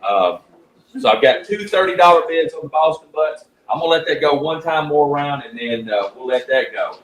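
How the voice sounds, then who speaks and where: A man hosting a live radio auction, reading out bids in a steady, plain way. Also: fairly high pitch, brisk, reverberant, slight background noise, poor audio. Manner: steady, plain, with frequent uh fillers.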